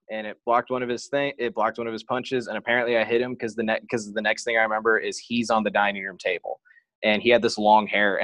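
A man's voice: fairly low pitch, fairly bright tone, dry recording. A man talking as a podcast guest, telling a personal story openly and casually, with lots of "like" as filler. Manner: frank and open, heavy use of "like".

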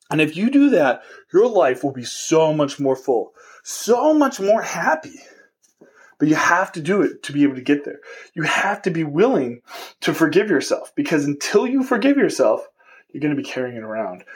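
Earnest motivational man, slightly high voice. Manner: earnest, encouraging, speaks straight to listeners. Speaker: podcast host. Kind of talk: motivational monologue.

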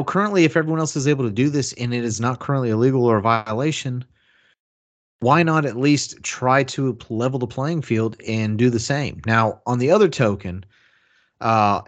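A man in a casual sports debate, insistent and argumentative, with many fillers. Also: mid-range voice.

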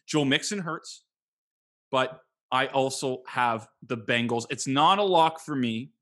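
A man's voice: medium pitch, unhurried, a bit bright. Joking, self-deprecating podcast host man. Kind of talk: casual sports talk.

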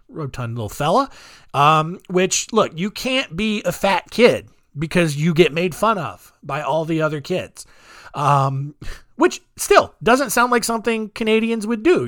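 A young man tells true-crime stories in a loose, joking manner, full of ums and side remarks. His voice sits a little high and swings widely in pitch. The recording is close and dry. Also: fairly bright tone, no echo. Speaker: podcast host. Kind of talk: casual true-crime storytelling.

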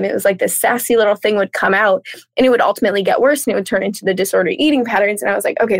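A woman coach speaks as a podcast guest in a bubbly, animated way, slipping into playful voices for her own thoughts. Her voice has a gravelly, fried edge. The sound is close and dry. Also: medium pitch, dry recording. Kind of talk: casual podcast interview.

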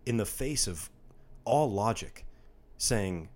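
Guy with a real low voice, co-hosting a podcast, dry jokes, teasing. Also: lively intonation, measured pace, pauses often, darkish tone. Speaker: podcast co-host. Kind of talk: casual chat.

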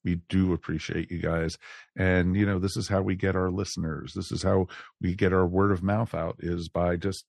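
A man's voice: low-pitched, level tone, moderate pace, vocal fry, a little mellow, dry recording, clean studio sound. A man hosting a podcast, chatting in an upbeat way with lots of fillers. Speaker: podcast host. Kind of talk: casual chat.

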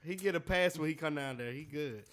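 A man's voice: on the high side, fairly quick, fairly bright tone. A man co-hosting a casual sports podcast, blunt and joking with lots of slang.

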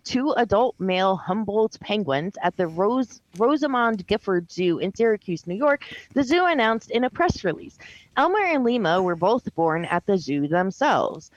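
A woman's voice: mid-range voice, big pitch swings, normal speed, dry recording, highs cut off. Giggly woman reading news aloud. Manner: giggly, reads headlines aloud. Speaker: podcast co-host.

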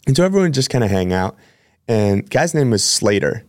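The podcast host, a personal trainer, tells chatty, rambling stories in a casual way with many self-corrections, his fairly low, darkish voice swinging widely in pitch. He talks fairly quickly. The sound is dry and clean, studio quality.

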